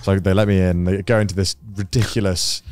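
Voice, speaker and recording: A man's voice: low voice, fairly even intonation, fairly quick, darkish tone. A man hosting a podcast, telling a story in casual chat, swearing freely and acting out quotes. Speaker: podcast host.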